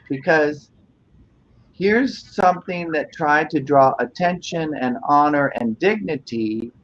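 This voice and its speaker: Male host, slow and hesitant, muffled recording. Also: fairly high pitch. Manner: thoughtful, hesitant, many restarts. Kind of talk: casual discussion.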